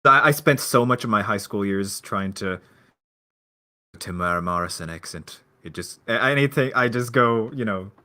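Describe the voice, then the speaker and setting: A man's voice: fairly low pitch, lively intonation, bright, forceful tone. A man from Brazil, co-hosting a casual podcast chat and stammering through his points. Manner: stammering, halting. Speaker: podcast co-host.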